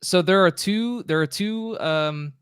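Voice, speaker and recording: A man from Texas, a guest DJ in casual chat, relaxed and full of "you know" fillers. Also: high-pitched, unhurried, clear, resonant tone, no echo, clean studio sound.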